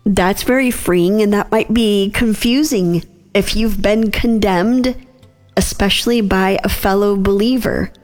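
A woman in her thirties hosts a gentle devotional reflection, speaking softly and unhurriedly in a mid-range voice with small laughs. Soft music plays in the background.

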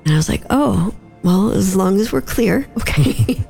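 A woman's voice: mid-range voice, lively intonation, a little slow, vocal fry, darkish tone, soft background music. A woman recounting a personal story in conversation, emotional and holding back tears.

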